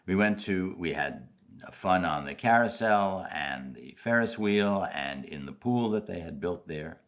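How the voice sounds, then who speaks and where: Deep-voiced older man telling a story. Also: a little slow. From New York City. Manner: animated storyteller, jumping from loud highs to soft asides. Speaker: commencement speaker. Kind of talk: storytelling speech.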